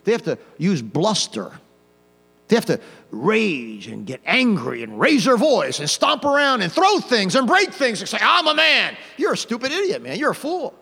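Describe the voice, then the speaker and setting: A man preaching an old-fashioned hellfire sermon, swinging from quiet to loud with mocking asides. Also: sits high, big pitch swings, normal speed, vocal fry, breathy edge, big-room sound. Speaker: pastor.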